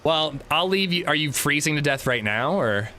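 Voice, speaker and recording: A man's voice: on the high side, expressive, normal speed, sharp tone, slight background noise. A male streamer chatting casually while gaming, swearing lightly and laughing easily.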